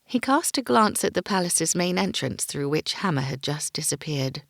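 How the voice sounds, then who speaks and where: Expressive woman reading a fantasy audiobook. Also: sits low, moderate pace, gravelly, no echo, studio quality. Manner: expressive, voices each character. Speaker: audiobook narrator. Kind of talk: first-person fantasy audiobook narration.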